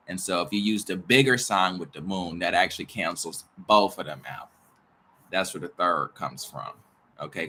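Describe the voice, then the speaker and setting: A man's voice: fairly low pitch, sharp tone. A man who teaches astrology and tarot, rambling in a casual monologue, repeating himself, jumping between ideas and muttering swears.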